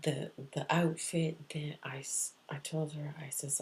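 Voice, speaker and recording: A woman telling a personal story softly and often near a whisper, repeating her phrases. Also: sits low, little pitch movement, measured pace, creaky, few pauses. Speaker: psychic medium.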